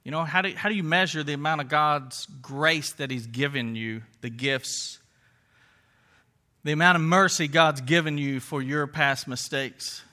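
Pastor, male; high voice with a very sharp, tense edge; conversational sermon, lots of rhetorical questions. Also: a little slow.

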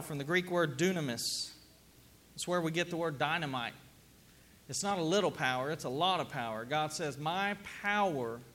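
A middle-aged man preaching a sermon in a relaxed, conversational manner. His voice sits fairly high for a man. He often turns to the congregation with questions. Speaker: pastor. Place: church sanctuary with congregation.

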